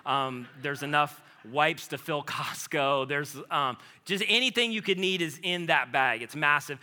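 A man in his thirties preaching a sermon, swinging between loud urgent stretches and hushed low passages. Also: unhurried. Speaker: pastor.

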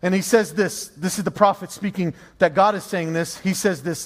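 A man preaches with a high, ringing voice, leaning hard on emphasis and repeating his key lines. His sermon carries a long reverb, as if spoken in a large hall. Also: fairly quick. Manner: emphatic, repeats phrases for effect. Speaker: pastor.

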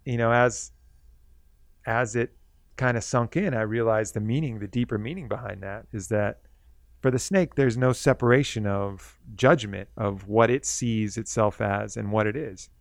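A man's voice: lowish voice, no room sound, clean studio sound. A man hosting a solo podcast, telling a personal story in a reflective, laid-back way. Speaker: podcast host.

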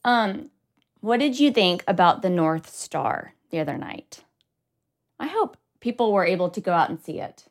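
A woman's voice: mid-range voice, big pitch swings, normal speed. A woman co-hosting a podcast in casual chat, joking and bantering playfully into a studio microphone. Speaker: podcast co-host.

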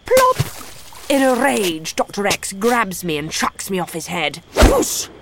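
A woman reading a children's story aloud in an animated, gleeful, theatrical way. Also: mid-range voice, normal speed, very noisy. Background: music.

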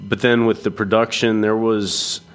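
A young man with a fairly low voice, chatting casually about music as a co-host. He rambles in a relaxed way, full of "um" and restarts, and sounds easygoing rather than polished. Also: moderate pace. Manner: laid-back, rambling with frequent fillers and restarts. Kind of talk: casual music review chat.

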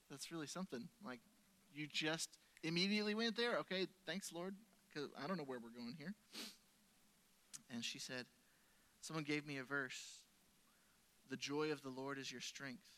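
A pastor preaching a sermon in a church service, telling stories conversationally and swinging from loud emphasis down to soft, lowered lines. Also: male voice.

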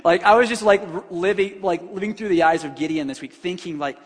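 A man preaching a sermon in a church hall, animated and conversational, often filling with "like". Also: sits high, fairly quick. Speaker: pastor. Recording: long reverb from a large hall.

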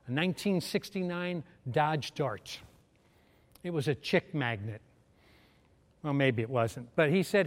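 A middle-aged man preaching, telling a story with humor and acting out the voices of the people in it. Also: a little high. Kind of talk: sermon storytelling. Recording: long hall reverb.

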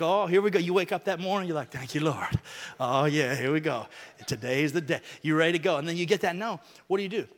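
High-voiced preacher man in a reverberant church. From Alabama, USA. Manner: bold preaching, swings from shouting to quiet asides. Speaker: pastor. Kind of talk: sermon. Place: large church hall. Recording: long hall reverb.

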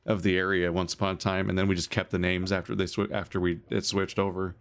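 A man's voice: low voice, flat delivery, fast, gravelly. An American man in casual podcast chat, joking and sarcastic, laughing often. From United States.

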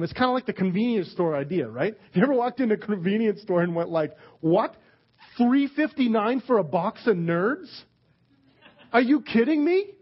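A man, preaching a casual sermon with candid jokes and acted-out quotes. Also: on the high side. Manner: candid, joking, acts out quoted people. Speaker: pastor. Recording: dull lo-fi sermon recording.

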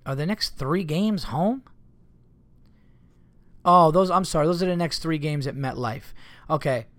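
A man's voice: fairly high pitch, no room sound. A man hosting a solo podcast, rambling casually, cursing often and getting exasperated. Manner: rambling, profane, easily exasperated. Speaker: comedian podcast host.

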